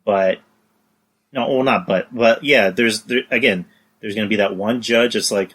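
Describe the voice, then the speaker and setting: A man hosting a podcast, talking casually in a halting way with stumbling starts and many "you know"s. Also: lowish voice, fairly bright tone. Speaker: podcast host. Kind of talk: casual conversation.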